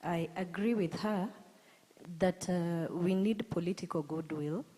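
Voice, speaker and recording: Low-voiced woman commenting in a conference hall. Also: measured pace, dark tone, breathy edge. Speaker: audience member asking a question. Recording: long reverb of a conference hall.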